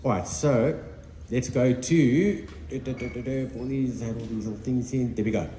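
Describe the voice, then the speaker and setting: Speaking slowly in a dark-toned, mid-range voice, this man tells his team a network marketing story, playing both parties in a conversation with emphatic energy. It's an animated storytelling talk. A bit of hiss or hum sits under a roomy recording with faint ambience.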